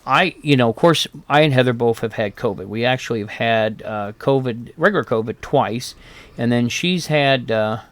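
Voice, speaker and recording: A man's voice: medium pitch, normal speed, fairly bright tone, dry recording. A man co-hosting a podcast, explaining things at length in an easygoing casual chat. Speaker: podcast co-host.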